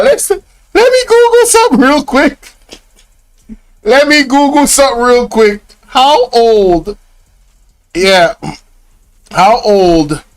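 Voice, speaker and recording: High-voiced man exclaiming in disbelief. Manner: exclaiming, incredulous, often laughing; slang-heavy, addresses viewers directly. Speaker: reaction video host. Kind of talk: casual reaction commentary.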